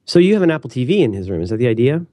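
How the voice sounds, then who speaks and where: Podcast co-host, man in his 30s, rapid rambling chat, dark mellow voice. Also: medium pitch, dry recording. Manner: rambling, self-interrupting, animated. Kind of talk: casual chat.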